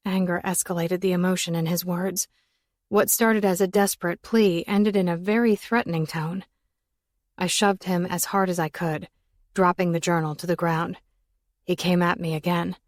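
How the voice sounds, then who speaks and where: A woman's voice: on the low side, little pitch movement, moderate pace, no room sound, studio quality. A woman narrating an audiobook in the first person, with an intense, emotional delivery.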